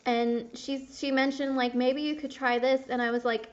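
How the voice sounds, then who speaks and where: A woman's voice: high-pitched, little pitch movement, normal speed. A young woman chatting casually and candidly while playing a game, rambling and swearing at the game now and then. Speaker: gaming video creator. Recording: dull lo-fi sound.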